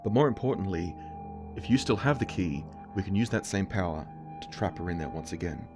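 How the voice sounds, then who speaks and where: A man voicing a calm, brave ghost boy in a spoken storybook retelling, speaking quietly. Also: deep voice, a little fast. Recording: music playing under voice.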